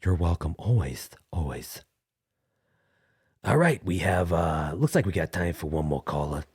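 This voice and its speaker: A man hosting a mock call-in comedy podcast, speaking haltingly with many pauses. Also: sits low, big pitch swings, a little mellow, breathy edge, no echo, clean studio sound. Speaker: podcast host.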